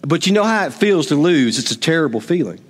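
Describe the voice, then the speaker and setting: A man's voice: a little high, big pitch swings, a little fast, slightly rough. A middle-aged man, preaching a sermon and telling family stories to his congregation in a folksy way. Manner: folksy storytelling, talks to the congregation. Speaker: pastor. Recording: long hall reverb.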